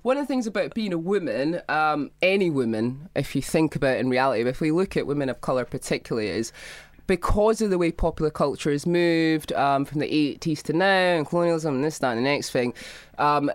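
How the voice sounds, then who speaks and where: A woman's voice: low-pitched, lively intonation, fairly quick, dry recording. A Scottish woman guest talking animatedly in an interview, mimicking people and laughing as she tells stories. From Scotland. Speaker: guest, model and author. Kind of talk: casual interview talk.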